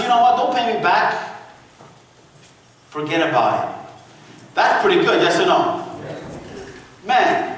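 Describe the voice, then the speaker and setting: A high-pitched man preaches a lively sermon, telling the story in an animated way and calling on the congregation to answer him. His voice rings through a big echoey church hall, and the mic sits some way off. A faint room murmur hums underneath. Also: distant mic. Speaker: pastor. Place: church sanctuary.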